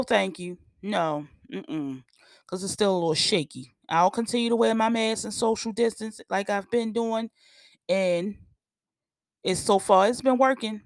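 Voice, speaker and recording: Woman, blunt profane rant, animated, dry close sound. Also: medium pitch, dry recording. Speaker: podcast host. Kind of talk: casual opinion rant.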